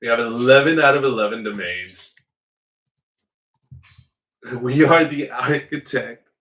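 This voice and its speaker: A man's voice: medium pitch, unhurried, fairly bright tone, recorded from a distance. A man hosting a strategy game playthrough in casual commentary, slipping into playful mock outrage as his ruler. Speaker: let's play host. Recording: roomy echo, away from the mic.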